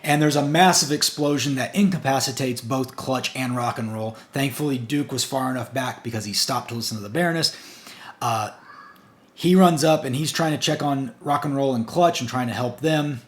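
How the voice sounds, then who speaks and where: A man's voice: medium pitch, normal speed. Chatty male comic reviewer. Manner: chatty, recounts the plot in long run-on strings with "and" and "basically". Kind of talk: casual plot recap.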